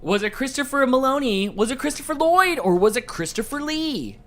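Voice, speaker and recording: A man's voice: extremely high pitch, lively intonation, normal speed, fairly bright tone. Playful man hosting a live trivia show. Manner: playful, jokey, easily distracted. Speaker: trivia game show host. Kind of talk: casual live-stream hosting.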